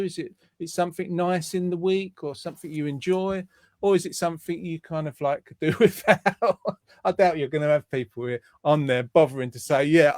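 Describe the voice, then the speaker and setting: Male host, relaxed rambling chat, a bit high, dry video-call sound. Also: dry recording. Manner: rambling, hesitant, chatty, teasing. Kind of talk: casual online chat show.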